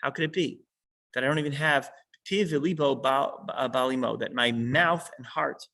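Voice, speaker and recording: A man's voice: mid-range voice, moderate pace, gravelly, sharp tone, poor audio. A man teaching a small class who reads a line of text and then patiently unpacks it.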